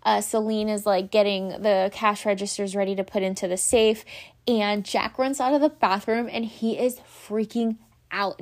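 A young adult woman telling a story in a casual, chatty way, full of fillers like "like" and "um". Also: a little high. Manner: chatty, animated, many fillers like "like" and "um". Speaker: vlogger.

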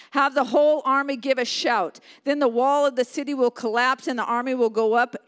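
A woman preaching a sermon with passion, swinging from loud emphatic lines to hushed ones and repeating phrases for emphasis. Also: fairly high pitch.

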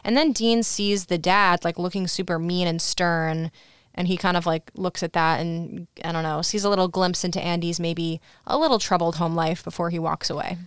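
A young woman co-hosting a podcast, casually recapping a movie and quickly acting out the characters' lines. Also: fairly low pitch, fairly even intonation, smooth, dry recording, clean studio sound. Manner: chatty retelling, quick quoted character lines. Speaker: podcast co-host.

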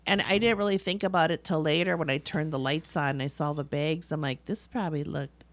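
A woman's voice: deep voice, brisk, no room sound. Laughing woman telling a story. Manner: animated storytelling, laughing often. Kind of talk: casual chat.

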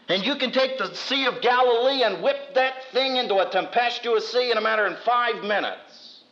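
A man, a seminary professor, teaching from the Bible with wry humor, acting out quotes with big swings in his voice. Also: lo-fi sound. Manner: animated storyteller who acts out quotes with big pitch jumps. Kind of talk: lively Bible teaching to an audience.

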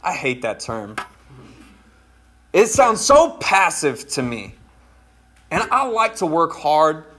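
A man's voice: on the high side, sing-song, slow pace, long pauses, bright, forceful tone, slightly rough. Conversational man preaching a sermon. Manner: conversational, folksy, addresses congregation directly. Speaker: pastor.

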